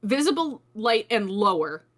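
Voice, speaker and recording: A woman's voice: mid-range voice, very animated, a little slow. A young adult woman co-hosting a casual comedic podcast, sarcastic and swearing, often laughing mid-sentence. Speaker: podcast co-host.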